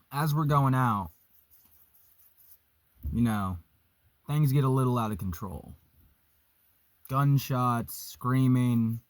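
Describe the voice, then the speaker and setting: A man's voice: medium pitch, no room sound. Profane young man telling a story. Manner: vaping while talking. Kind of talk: casual storytime monologue.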